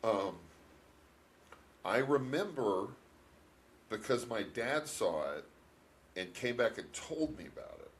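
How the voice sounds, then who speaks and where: A man's voice: takes it slowly, long pauses. A man co-hosting a podcast, chatting casually about an old action film, often laughing and acting out quotes. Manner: animated, laughing, acts out quotes with big pitch jumps. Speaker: podcast co-host. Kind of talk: casual movie review chat.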